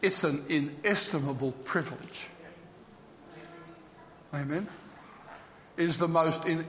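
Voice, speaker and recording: A man preaching a lively, humorous sermon to a local church, stretching out words for emphasis. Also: fairly high pitch, slight background noise. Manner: animated preaching with humour, drawn-out emphasis. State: out of breath. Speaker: pastor. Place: church hall. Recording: echoey hall, slightly dull sound.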